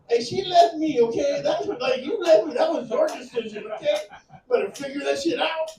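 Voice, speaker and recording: A man's voice: very high voice, echoey room, far from the mic, slight background noise, rough recording. A man in his thirties doing a crude, rambling stand-up set, out of breath and laughing at his own jokes. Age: 30s. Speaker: stand-up comic. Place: comedy club stage.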